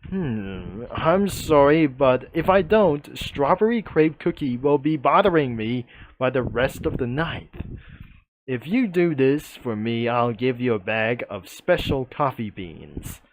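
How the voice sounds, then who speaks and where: A man's voice: medium pitch, animated, takes it slowly, a little hiss or hum, rough recording. A man voicing a tired, coffee-obsessed male cookie who lectures sternly. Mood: bargaining.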